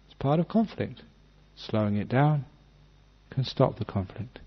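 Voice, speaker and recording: A man, a Buddhist monk, giving a dhamma talk, reading a sutta aloud and then explaining it unhurriedly with gentle humour. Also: medium pitch, animated, a little slow, husky. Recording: dull lo-fi talk recording.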